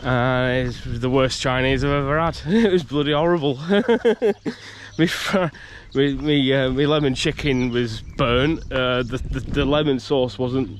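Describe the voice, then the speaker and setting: Guy rambling on a walk outside, bit bunged up, mid pitch, faint countryside noise. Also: steady tone, normal speed, hardly any pauses. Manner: chatty, rambling, restarts and laughs. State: bunged up from a cold. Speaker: vlogger. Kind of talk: casual vlog, walking outdoors. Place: outdoors on a rural campsite by a loch.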